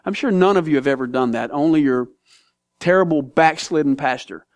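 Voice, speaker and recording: A male pastor preaches with lively humor in a slightly higher-than-average voice. He swings from soft asides to loud, drawn-out exclamations. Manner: animated and joking, with big swings in pitch and volume; reads scripture aloud. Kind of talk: sermon.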